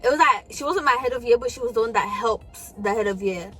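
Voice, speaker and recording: A woman's voice: a little high, quick pace, a bit bright, soft background music. A young woman telling a storytime vlog in casual, slangy talk with frequent swearing and fillers. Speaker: vlogger.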